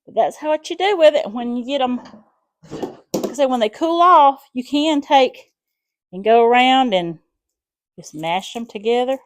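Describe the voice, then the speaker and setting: A woman's voice: high voice, animated, moderate pace, pauses often. Give me a chatty middle-aged woman with a South Alabama accent hosting a home cooking video. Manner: folksy, chatty, rambling asides. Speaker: home cooking channel host. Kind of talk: casual home cooking demonstration.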